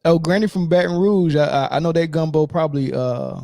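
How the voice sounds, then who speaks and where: A man's voice: on the high side, a little fast, creaky, no room sound. Laid-back man hosting a podcast. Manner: laid-back, rambling with fillers and shout-outs. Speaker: podcast host. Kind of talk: casual podcast chat.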